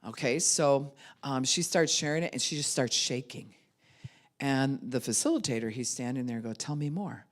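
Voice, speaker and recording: A woman's voice: extremely low pitch, moderate pace. An older woman pastor giving a sermon, telling stories and acting out the voices in them. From United States. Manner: animated storytelling, acts out voices.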